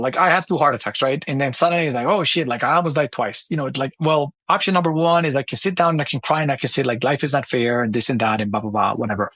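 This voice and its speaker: A middle-aged man with a high, quick voice, talking as a podcast guest. He is animated and blunt, swears freely and slips into acted-out dialogues. The sound is dry and close. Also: breathy edge, no room sound. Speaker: podcast guest, company founder. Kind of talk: casual interview talk.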